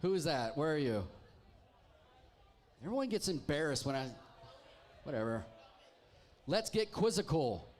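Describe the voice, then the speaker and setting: A man's voice: fairly high pitch, big pitch swings, measured pace, long pauses. A man hosting a live pub trivia night, reading team names with wry, teasing jokes to the crowd. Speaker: trivia host. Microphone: handheld microphone.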